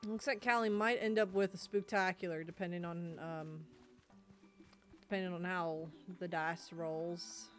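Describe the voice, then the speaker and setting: A woman's voice: on the low side, fairly even intonation, a little slow. Chatty woman streamer over game music. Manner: chatty, reads and answers chat messages aloud. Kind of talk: casual live-stream chat while gaming.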